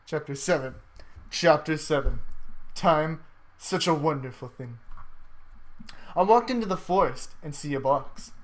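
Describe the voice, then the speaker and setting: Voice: medium pitch, animated, a little slow, long pauses. A casual reader reading a homemade adventure story aloud among friends, joking, swearing and tripping over the text.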